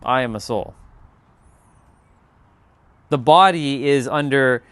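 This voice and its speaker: A relaxed man talking off the cuff to his live stream audience. His pitch sits at an ordinary middle level for a man, and he drifts loosely from thought to thought. He addresses viewers directly in an easygoing, unhurried way. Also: clean tone. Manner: laid-back, rambling, talks straight to viewers. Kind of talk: casual live stream chat.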